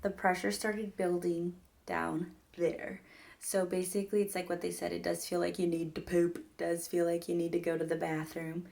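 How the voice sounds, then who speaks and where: Her voice is low, gravelly and darkish, with a flat delivery at normal speed. The young woman, a vlogger, chats to her viewers through a rambling personal story heavy with "like" and "mind you guys."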